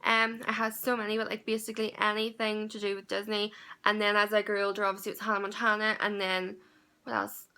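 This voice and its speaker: A woman's voice: mid-range voice, completely flat delivery, quick pace, bright, forceful tone, clear, resonant tone. A young woman with a Northern Irish accent, chatting through a casual Q&A vlog, rambling and laughing between lots of ums. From Northern Ireland. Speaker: vlogger.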